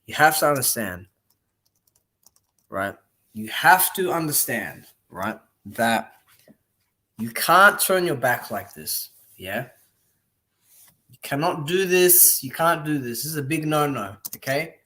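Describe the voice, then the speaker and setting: Slow-talking, blunt male streamer. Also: medium pitch, lively intonation, sharp tone. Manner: blunt, rambling, swears freely. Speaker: boxing streamer. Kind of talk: casual live-stream commentary.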